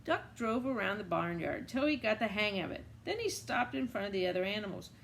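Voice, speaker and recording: A woman reading a children's picture book aloud, animated, with asides to young listeners. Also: medium pitch, a little fast, gravelly, slight background noise. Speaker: reader.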